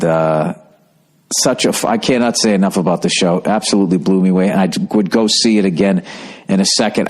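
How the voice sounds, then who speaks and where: A man's voice: sits low, darkish tone. A middle-aged man from the United States hosting a podcast, telling stories in a casual, profane, rambling way. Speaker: podcast host.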